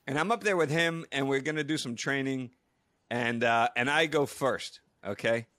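A man's voice: mid-range voice, normal speed, no echo. A middle-aged man, a retired astronaut and co-host, telling stories animatedly in a casual podcast chat. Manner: animated storyteller, acts out quotes.

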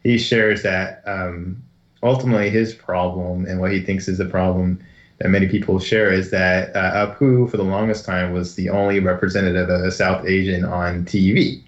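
A man's voice: low-pitched, little pitch movement, moderate pace. A man co-hosting a podcast, chatting casually and laughing easily as he explains his points. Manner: talks through points with fillers, easy laughs. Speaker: podcast co-host. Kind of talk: casual chat. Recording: roomy, dull lo-fi audio.

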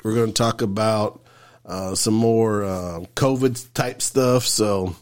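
A man's voice: lowish voice, fairly even intonation, slow, smooth. A man co-hosting a church podcast in a laid-back, rambling casual chat. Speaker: podcast co-host.

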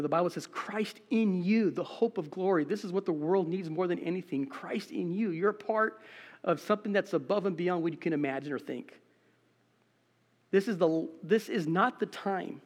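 A middle-aged man preaching a sermon to cameras in an empty room, animated and conversational, with self-deprecating asides. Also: high-pitched, long reverb tail. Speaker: pastor.

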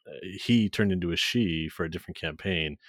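Man from Canada, low voice, dry close sound, chatty podcast guest. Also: a bit bright, no room sound. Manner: chatty, quick to laugh. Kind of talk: casual podcast chat.

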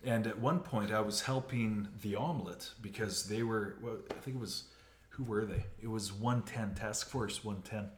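A man from Canada hosting a casual talk, telling stories with animated energy, swearing and laughing along the way. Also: fairly low pitch, normal speed, reverberant, slight background noise. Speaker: podcast host. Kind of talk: casual conversation.

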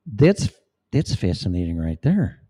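A man's voice: on the low side, sing-song, measured pace, warm tone. A man talking in a rambling, profane, preachy monologue as a vlogger. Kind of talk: casual monologue.

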